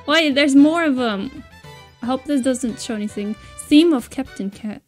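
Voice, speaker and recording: A woman's voice: sits high, measured pace, faint music behind. A woman streamer chatting casually with viewers while she plays, laughing often. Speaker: gaming streamer. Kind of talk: casual live-stream gameplay chat.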